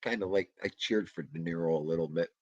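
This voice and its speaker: A low-pitched man chats on his livestream, wandering between thoughts and muttering to himself while he answers chat. The sound is dull and dry, with no room behind it. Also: quick pace, darkish tone, no echo. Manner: rambling, nostalgic, muttering asides to himself. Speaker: livestream host. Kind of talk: casual livestream chat reading comments.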